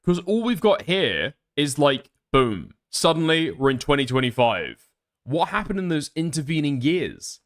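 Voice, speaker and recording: A man's voice: on the high side, very animated, unhurried. A man doing reaction commentary on a stream, sarcastic and profane, thinking aloud.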